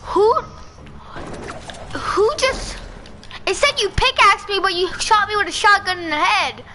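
Excitable high-voiced young woman gaming. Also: unhurried. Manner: excitable, teasing. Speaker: player. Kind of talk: casual game chat. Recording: noisy game audio behind.

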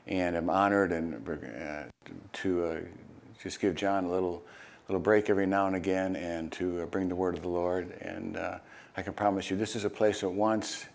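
An older man, a retired pastor, preaching a sermon and reading scripture, with hesitant asides full of fillers and sudden animated bursts. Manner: animated, jumps high and loud when acting out crowd voices.

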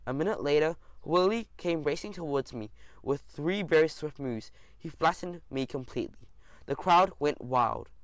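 A man reading a first-person audiobook aloud in a lively, expressive way. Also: a little high, normal speed, no room sound, dull audio. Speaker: audiobook narrator.

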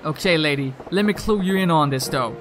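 A man voicing a blunt, cocky gangster in a video game, dropping his voice low with a drawl. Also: brisk, faint music behind, close to an everyday voice. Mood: lecturing.

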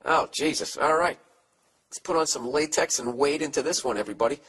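A man's voice: on the high side, fairly quick, a bit bright, husky. A middle-aged man hosting a podcast, giving blunt, profane comedic advice in a rambling way while reading out listener letters. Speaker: podcast host.

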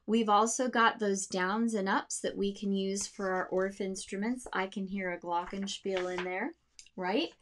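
A woman's voice: mid-range voice, steady tone, a little slow, a bit bright, slight background noise. A woman music teacher explaining how to teach music with storybooks, demonstrating sounds and voices for her students.

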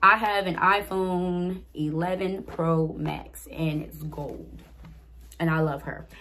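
A woman's voice: on the low side, fairly even intonation, takes it slowly, sharp tone, slight background noise. A young woman vlogger casually answering get-to-know-me questions, chatting straight to her viewers. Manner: reads out each question, then answers it.

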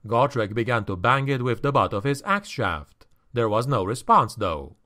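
A man reading a fantasy audiobook in a measured, expressive storytelling manner. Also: medium pitch. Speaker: audiobook narrator. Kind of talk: scripted fantasy audiobook narration.

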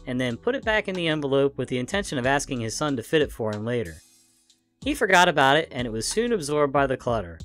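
A man narrating funny internet stories in a lively, expressive way. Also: mid-range voice. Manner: lively, expressive, acts out the dialogue. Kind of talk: reading internet stories aloud.

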